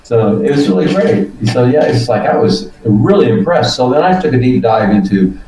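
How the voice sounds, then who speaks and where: Older guy in his 70s, mellow dark voice, rambly and swears a bit, sounds far off the mic in a roomy space. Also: medium pitch, expressive, moderate pace. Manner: rambling storyteller, swears casually, acts out his own reactions. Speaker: guest. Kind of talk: casual testimonial chat.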